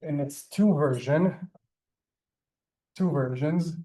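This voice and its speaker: Speaking at a slow pace, a man with a slightly high, warm voice teaches Hebrew online via video call. He is talkative and respectful, regularly apologizing and addressing students as ma'am.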